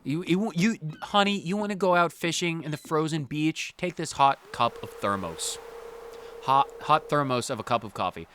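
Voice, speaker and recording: A man hosting a let's play, giving rambling, animated commentary and often repeating himself. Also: a little high, a little fast, a little hiss or hum. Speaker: gaming channel host.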